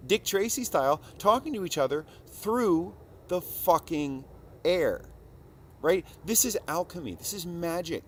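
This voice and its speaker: A man talking to a recording device in a rambling, profane casual monologue, dropping to mumbles and rising to loud outbursts. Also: on the high side, a little hiss or hum.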